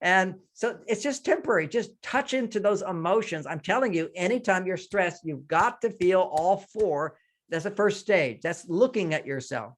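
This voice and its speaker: Guy w a pretty high voice, interview guest explaining stuff, lively, keeps acting out little dialogues. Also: normal speed. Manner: animated, acts out dialogues in changing voices. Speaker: guest expert. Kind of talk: interview answer, explaining relationship advice.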